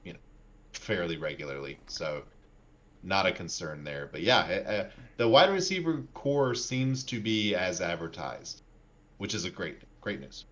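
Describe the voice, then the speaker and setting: A man co-hosting a casual sports podcast, talking in a relaxed, rambling way with plenty of fillers. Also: sits low, unhurried. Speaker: podcast co-host. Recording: dull lo-fi mic.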